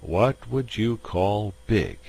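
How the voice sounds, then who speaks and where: A man voicing a graying gambling boss who speaks quietly with calm authority. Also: fairly low pitch, slow pace, creaky, slightly rough, voice pushed up, heavily acted. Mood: cool. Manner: quiet, soft-spoken authority. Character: graying, broad-shouldered male gambling boss, cool.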